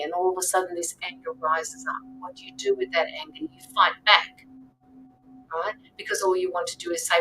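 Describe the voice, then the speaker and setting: A woman's voice: fairly low pitch, a little fast, fairly bright tone, distant mic, slight background noise, poor audio. A woman reading tarot on a live stream, talking earnestly to viewers, repeating herself and checking in with "right?". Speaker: tarot reader and medium. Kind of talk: live-stream reading, casual coaching talk.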